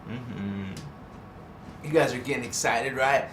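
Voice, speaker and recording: Slow, laughing man on an echoey live stream. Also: mid-range voice, fairly bright tone. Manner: playful, laughs often, greets chat viewers. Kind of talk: casual live stream chat. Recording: echoey, distant mic, faint background noise.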